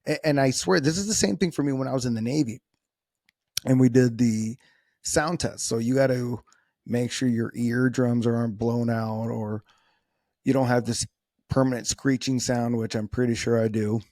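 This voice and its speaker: Dude rambling on his podcast, laid back and self-deprecating, dry close mic, mid pitch. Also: moderate pace, darkish tone, dry recording. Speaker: podcast host. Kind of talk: casual solo podcast monologue.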